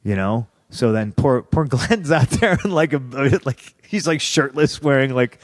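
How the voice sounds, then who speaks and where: A man's voice: medium pitch, lively intonation, measured pace, no room sound, studio quality. A man in his thirties, a podcast guest, telling a story with lots of swearing and heated, acted-out quotes. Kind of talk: casual storytelling in a podcast interview.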